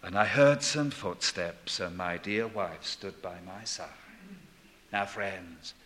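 An older man preaching a sermon, dropping to a hush and then rising to loud proclamation. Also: low-pitched, slow pace, a little hiss or hum. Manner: swings between hushed and loud proclaiming.

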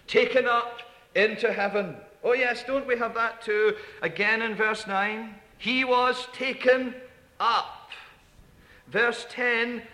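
A man preaching a sermon, emphatic, repeating key phrases and dropping to hushed asides. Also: sits high. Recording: echoey hall.

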